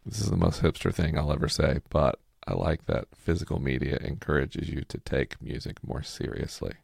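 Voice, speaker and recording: A man with an extremely low voice and a heavy gravelly fry talks in a relaxed, low-energy way as he co-hosts a podcast. His speech has a raspy edge, and the recording is close and dry. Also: normal speed, dry recording. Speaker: podcast co-host. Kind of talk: casual podcast chat.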